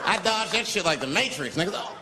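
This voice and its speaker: A man's voice: sits high, fast. A man doing a stand-up routine, telling a story with heavy profanity and acting out the people in it. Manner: animated storytelling, acting out characters in many voices, heavy profanity. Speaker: stand-up comedian. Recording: live venue with crowd noise. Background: audience laughter.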